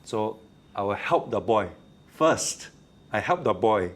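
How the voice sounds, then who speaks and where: Animated Singaporean male teacher. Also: fairly low pitch, slow. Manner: animated storyteller, acts out quotes. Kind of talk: casual interview answer.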